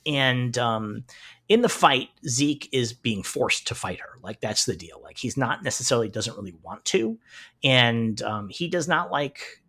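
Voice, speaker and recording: A man co-hosting a podcast, recapping a TV show in casual chat, animated and swearing freely. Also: mid-range voice, measured pace, breathy edge. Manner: animated, swears freely, acts out characters' lines in retelling. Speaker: podcast co-host.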